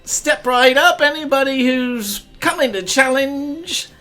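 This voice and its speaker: A man voicing a brash halfling man who runs a carnival game, shouting high-pitched taunts at the crowd. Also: slow, exaggerated voice. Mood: taunting.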